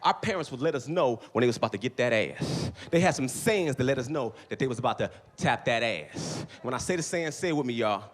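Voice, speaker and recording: A middle-aged man doing a stand-up comedy set on a club stage, with loud, animated storytelling and constant swearing. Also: mid-range voice, brisk, few pauses.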